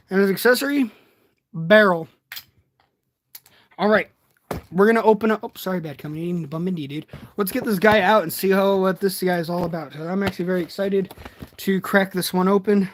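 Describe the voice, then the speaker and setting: Rambling, excitable eighteen-year-old guy. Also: sits high. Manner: excitable, rambling, self-deprecating. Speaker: toy reviewer streaming. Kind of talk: casual livestream unboxing chat. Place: bedroom, on his bed.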